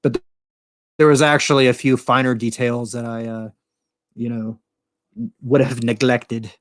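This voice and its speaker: Profane, rambling American podcast host. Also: male voice, medium pitch, flat delivery, a little slow, no echo, clean studio sound. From United States. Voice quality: profane, rambling, laughs often. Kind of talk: casual livestream chat.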